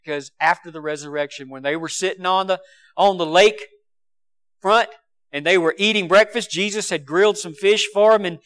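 A male preacher with a high, smooth, clear voice delivers an impassioned sermon. He swings between forceful, raised emphasis and hushed, quiet asides. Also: moderate pace.

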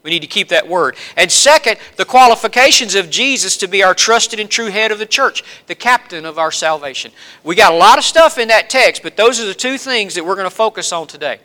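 Bright-voiced Southern US preacher man. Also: sits high, animated, fairly quick. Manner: rises to emphatic, lists points with swelling force. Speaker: pastor. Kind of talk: sermon.

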